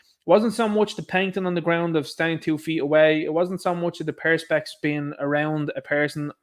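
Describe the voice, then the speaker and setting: A young Irish man rants on his livestream, indignant and sarcastic. His voice sits a little higher than most men's, and he keeps turning to his listeners as lads. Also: steady tone, moderate pace. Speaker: livestream host. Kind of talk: ranting livestream commentary.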